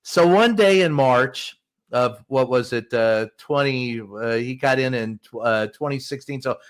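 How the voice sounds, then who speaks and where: A man's voice: medium pitch, unhurried. A man who is a White House correspondent, speaking as a guest in a podcast interview, blunt and emphatic, telling stories and swearing for emphasis.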